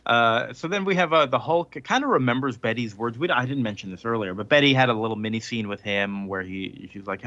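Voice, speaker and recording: A man's voice: fairly low pitch, a little fast, a bit bright, lo-fi sound. A man hosting a podcast in casual chat, recapping a comic in a rambling way with many fillers and chuckles. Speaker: podcast host.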